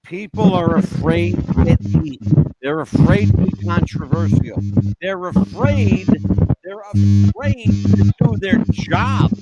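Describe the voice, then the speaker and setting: Emphatic lively man over loud music. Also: a little high, takes it slowly. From New Jersey. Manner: emphatic, opinionated, repeats points for effect. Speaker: podcast host. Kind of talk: casual podcast chat. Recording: dull lo-fi audio with loud music behind.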